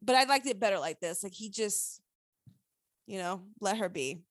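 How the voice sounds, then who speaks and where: A woman recapping a TV episode in casual chat, animated, opinionated and profane. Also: mid-range voice, normal speed, dry recording.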